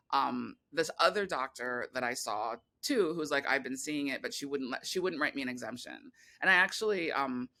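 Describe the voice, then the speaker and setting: Woman on a podcast rambling thru her story, bright voice, lots of restarts and "like"s. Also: extremely low pitch. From California. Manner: rambling, animated storytelling with many restarts and fillers. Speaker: podcast guest, filmmaker. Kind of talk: casual interview conversation.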